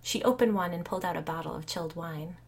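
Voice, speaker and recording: A woman reading a first-person audiobook in a measured, even storytelling manner. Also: on the low side, creaky, breathy edge. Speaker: audiobook narrator.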